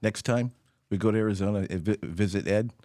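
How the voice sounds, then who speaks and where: A man's voice: fairly low pitch, brisk, mellow, no room sound, studio quality. A man hosting a casual interview chat, joking with his guest and then turning earnest. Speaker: host.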